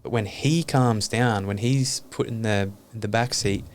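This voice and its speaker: A man's voice: fairly low pitch, unhurried, slight background noise. A man talking openly and earnestly as a podcast guest, reflecting on his life and swearing casually.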